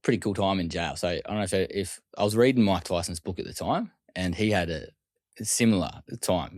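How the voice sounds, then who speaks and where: A deep-voiced Australian man tells a story at a brisk pace. He talks casually and slips into quick quoted voices for other people. The sound is dry and close. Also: a little mellow, no echo. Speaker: guest.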